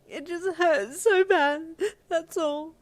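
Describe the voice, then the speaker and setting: A woman voicing a frightened, grieving young heroine who is crying and pleading in a high, wailing voice. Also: slow, no room sound. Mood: sobbing. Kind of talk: audio fanfiction reading.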